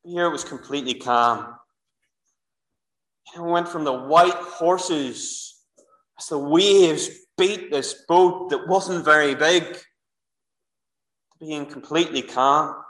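Lively Northern Irish minister in an echoey church. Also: male voice, on the high side, slow, long pauses. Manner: lively storytelling, addressing children and congregation directly. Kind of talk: sermon. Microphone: clip-on microphone.

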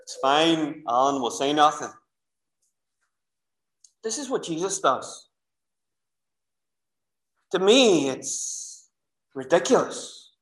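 A Northern Irish minister preaching through a clip-on mic, his high, bright voice ringing around a roomy church. He tells the story in a lively, chatty way, turning often to the children and the congregation. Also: takes it slowly, long pauses. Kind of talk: sermon. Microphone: clip-on microphone. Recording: echoey church room.

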